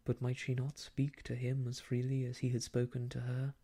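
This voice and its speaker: A man softly reading an old novel aloud for ASMR, hushed and slow, slipping into whispers, close to the mic. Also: mid-range voice, completely flat delivery. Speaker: storyteller.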